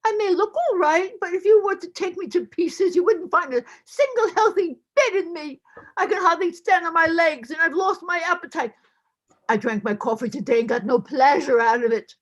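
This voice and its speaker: A woman's voice: very high-pitched, animated, normal speed. A woman voicing an elderly widow in a stage play reading, pleading in a whining, tearful way.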